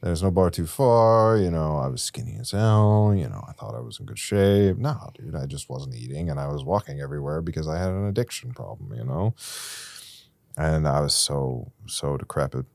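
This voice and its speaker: A young man with an extremely deep voice tells a rambling, candid recovery story into a podcast mic. The sound is close and dry, with no room around it, and his voice climbs loud and intense at the peaks. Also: animated, normal speed, vocal fry, dry recording. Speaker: podcast guest.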